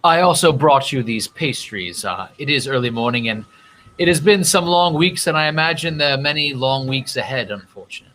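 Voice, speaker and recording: Bright-voiced hesitant male player. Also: medium pitch, lively intonation, fairly quick, a little hiss or hum. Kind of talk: in-character tabletop play.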